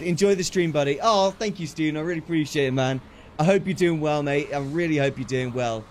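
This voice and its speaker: Excitable high-voiced English man. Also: brisk, soft background music. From England. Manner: excitable, swears casually, acts out quotes. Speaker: streamer. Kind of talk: animated storytelling on a livestream.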